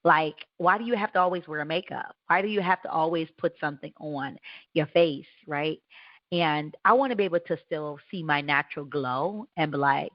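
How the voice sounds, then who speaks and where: A woman with a low voice hosts a radio show and gives a warm, encouraging faith talk. She speaks earnestly in a loose, conversational way and often restarts her sentences. The sound is dry and a little dull. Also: normal speed, no echo.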